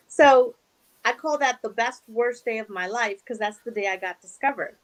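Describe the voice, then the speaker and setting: A young actress appears as a guest in a casual interview, speaking a little fast in a slightly high voice. She tells stories with lots of energy, acting out quoted dialogue and laughing often, and the recording is rough.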